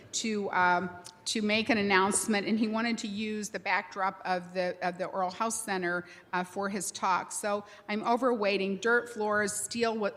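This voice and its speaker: A woman speaking as a university president at a graduation ceremony, telling a story in a warm, conversational way at a podium microphone. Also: medium pitch. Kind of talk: commencement speech. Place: large ceremony hall.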